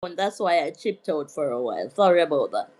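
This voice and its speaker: A middle-aged woman from Jamaica hosting a live stream, chatting in a rambling way and giving shout-outs to her viewers. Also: sits low, sing-song, brisk. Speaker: vlog host. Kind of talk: casual live-stream chat.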